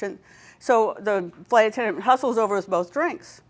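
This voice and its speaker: A woman's voice: on the high side, animated, fairly quick. Lady running a service training workshop, tells stories, keeps asking right?. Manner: storytelling, checks in with the audience. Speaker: workshop presenter.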